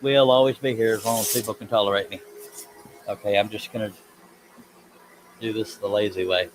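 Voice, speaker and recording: Man, lowish voice, rambling self-deprecating live stream chat, woodworking host, noisy workshop. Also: steady tone, brisk. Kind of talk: casual live stream chat while working.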